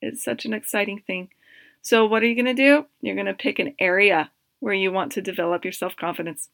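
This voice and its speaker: A woman's voice: mid-range voice, fairly even intonation, a little fast, vocal fry, fairly bright tone, dry recording. A woman in her thirties, a coach hosting her podcast, who talks upbeat and encouraging straight to her listeners. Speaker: podcast host, life coach. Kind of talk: motivational solo podcast talk.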